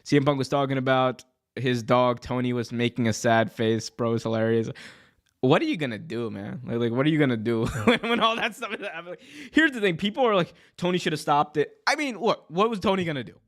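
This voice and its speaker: A man hosting a wrestling podcast, chatting casually with excitable, joking reactions and lots of slang. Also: medium pitch, fairly quick. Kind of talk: casual livestream commentary.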